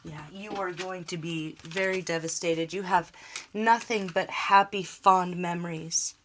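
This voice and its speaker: A woman's voice: on the low side, fairly even intonation, measured pace, slight background noise. A woman giving a tarot reading, talking earnestly and reassuringly, repeating short words of encouragement. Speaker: tarot reader.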